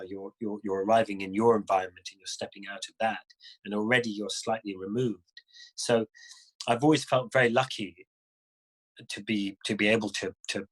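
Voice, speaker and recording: Middle-aged man as a guest rider: fairly low voice, chatty storytelling that acts out the voices of people he met. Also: slightly rough, rough recording. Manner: animated, acts out other people's lines in the stories he tells. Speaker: guest adventure motorcyclist. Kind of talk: casual conversational storytelling.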